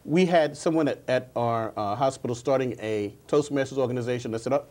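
Brisk and darkish in tone, this mid-range male voice belongs to a public speaking coach guesting on a TV talk show. He answers the interviewer with earnest stories, frequently repeating himself.

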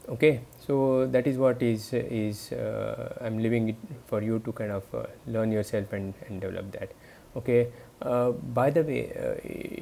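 Guy lecturing online, gravelly dark voice, lots of uh and you know. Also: medium pitch, slight background noise. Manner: hesitant, many fillers and restarts; explanatory, addresses students directly. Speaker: university lecturer.

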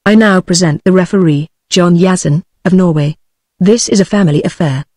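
A British English text-to-speech female voice reading the lines of a jovial male sea captain announcing a fight, flat and synthetic. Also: lowish voice, normal speed, no room sound, studio quality, natural voice. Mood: grandiose.

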